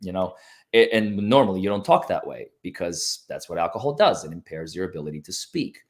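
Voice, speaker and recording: A lawyer guest on a casual livestream speaks in a lowish male voice. He talks earnestly and at length, often stopping to restart his sentences. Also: expressive, fairly quick. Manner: earnest, rambling with many restarts.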